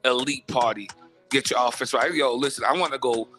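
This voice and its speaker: Fast, bright-voiced male radio host. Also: medium pitch, soft background music. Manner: animated, quick banter with restarts. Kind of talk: casual morning radio chat.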